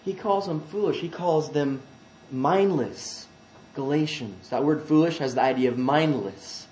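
A man preaches a sermon in a high voice. He drops to quiet asides, then rises loud and emphatic when he reads scripture. The sound rings through an echoey church hall. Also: animated, unhurried.

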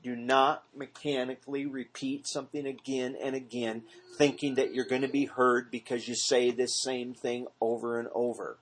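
Husky man teaching a Bible study. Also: medium pitch, level tone, moderate pace, few pauses. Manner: earnest, asks the group questions, mimics repetitive praying.

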